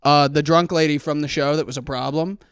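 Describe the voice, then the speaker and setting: A young man with a fairly high voice tells a story in casual podcast chat, jumping into the voices of the people he quotes. The sound is dry and close. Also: brisk, clear, resonant tone, no echo. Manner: animated, acts out quoted voices. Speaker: podcast co-host.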